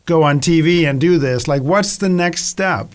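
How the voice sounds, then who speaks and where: Male host, slightly high voice, stop-start chatty feedback. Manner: halting, repeats words while thinking aloud. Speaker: host, music producer. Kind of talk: casual feedback chat.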